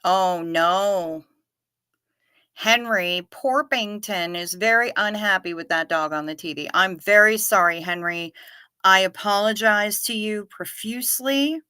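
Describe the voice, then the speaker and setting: Bright-voiced woman hosting a casual livestream. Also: medium pitch, a little slow, smooth, no echo, clean studio sound. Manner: chatty, reads viewer comments aloud and answers them. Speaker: livestream host.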